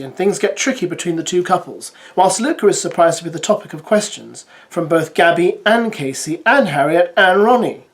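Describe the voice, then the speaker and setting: A reality TV commentator doing a recap, reading out summaries with wry, chatty asides to viewers. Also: medium pitch.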